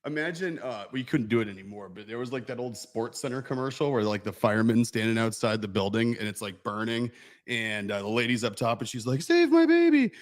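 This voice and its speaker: A man's voice: fairly low pitch, fast. A man co-hosting a casual chat, telling wry anecdotes. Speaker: co-owner and co-host.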